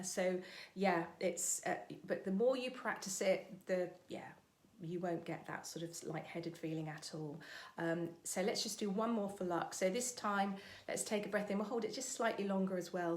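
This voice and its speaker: A woman vocal coach leading an online singing lesson, giving breathing and warm-up instructions in a chatty, encouraging way. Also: mid-range voice. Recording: echoey room with faint music.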